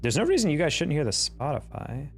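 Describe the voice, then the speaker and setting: A man's voice: on the high side, huge pitch swings, fairly quick, soft background music. A young man live-streaming a game, chatting casually, reacting to plays and answering his chat. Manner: chatty, reacts to gameplay and reads chat aloud.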